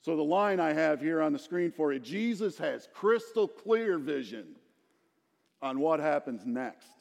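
A man's voice: on the high side, lively intonation, unhurried, vocal fry, darkish tone, long reverb tail. A middle-aged male pastor preaching a sermon, telling the story with animation and asking the congregation questions.

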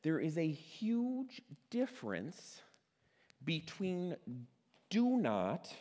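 A middle-aged male pastor preaches with a fairly high voice, keeping it conversational and throwing questions out to the crowd. He slows right down on the words he wants to land. The sound rings with the long reverb of a big hall. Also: huge pitch swings, a little mellow. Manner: conversational, asks the audience questions, stresses words by slowing down. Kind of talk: sermon.

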